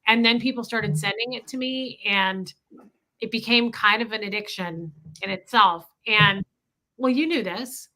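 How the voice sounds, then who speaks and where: A woman co-hosting a livestream, chatting warmly with her partner and thanking viewers by name. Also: on the high side, unhurried, poor audio. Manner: effusive, talks straight to viewers. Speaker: co-host. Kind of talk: livestream chat reading comments.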